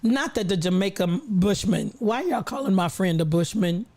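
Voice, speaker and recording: A woman's voice: medium pitch, expressive, moderate pace, darkish tone. A woman hosting a casual livestream, greeting viewers from the chat with a playful, preacher-like cadence and frequent laughter, her voice a little worn from recently losing it. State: recovering voice, coughing. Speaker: livestream host.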